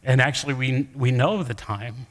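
A man's voice: mid-range voice, normal speed. A middle-aged man preaching a sermon in a church, conversational and joking with his congregation as he tells a story. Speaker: pastor. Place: church sanctuary. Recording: long hall reverb.

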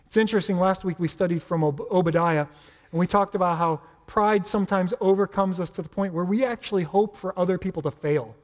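Man preaching, high voice, hall echo. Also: a little fast. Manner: conversational, playful preaching with asides. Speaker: pastor. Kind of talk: sermon. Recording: reverberant hall.

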